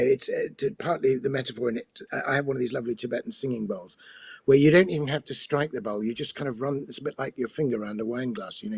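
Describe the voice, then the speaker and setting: A man, a poet and priest, explaining poetry in thoughtful conversation and reading a poem slowly. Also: medium pitch, gravelly, darkish tone, husky, no echo.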